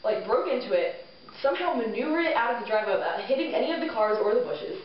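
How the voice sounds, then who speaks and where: A young woman co-hosting a casual podcast, telling animated stories with lots of laughter and acted-out quotes. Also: fairly high pitch, fast, a little hiss or hum. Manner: animated, laughing storyteller who acts out quotes. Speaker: podcast co-host. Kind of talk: casual storytelling chat. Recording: echoey room, far from a lo-fi mic.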